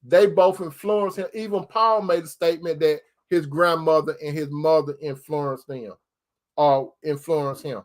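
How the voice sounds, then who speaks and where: A man's voice: on the high side, steady tone, unhurried. A man preaching informally to online viewers, folksy and repetitive, speaking straight to his listeners. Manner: folksy, repeats phrases for emphasis, addresses listeners directly.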